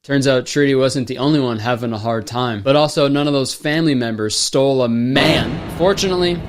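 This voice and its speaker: A man's voice: medium pitch, fairly quick. A young man, a comedian, giving sarcastic, exasperated comedic movie commentary with plenty of swearing. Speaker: comedian, host.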